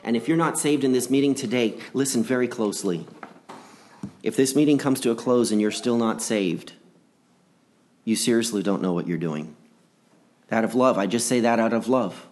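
Male preacher, gospel sermon; earnest, pitch climbs then sinks low for weight. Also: normal speed, long pauses, a little mellow, slight background noise. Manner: earnest, repeats phrases for emphasis, swings between rising and dropping delivery.

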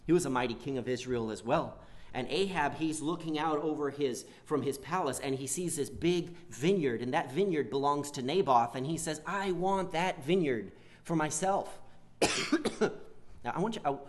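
Male preacher, mid-pitched, halting delivery with many restarts, slips into a pleading voice for quotes. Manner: halting, repeats words, acts out quoted whining. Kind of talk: sermon.

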